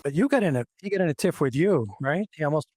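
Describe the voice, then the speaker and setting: A man's voice: a little high, expressive, quick pace, darkish tone. A man hosting an interview who prompts his guest with short questions and brief replies. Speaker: podcast interviewer. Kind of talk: casual interview chat.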